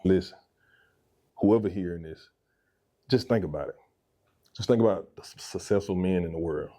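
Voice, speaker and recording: Deep Southern man telling lively stories. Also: moderate pace. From Mississippi. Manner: animated storyteller acting out quoted voices. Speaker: guest, real estate agent. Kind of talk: casual storytelling interview.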